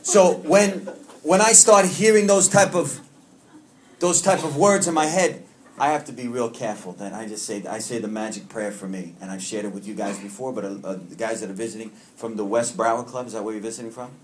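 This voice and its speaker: A man's voice: mid-range voice, a little fast, a little hiss or hum. A man from Long Island, leading a recovery meeting and sharing with the group in an earnest, heartfelt way with self-mocking humor. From Long Island, New York. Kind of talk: personal share to a support group.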